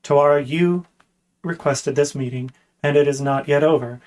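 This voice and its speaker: Man reading as a calm stern guard captain. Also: on the high side, close to an everyday voice. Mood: flatly stern. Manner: flat, measured, unhurried delivery.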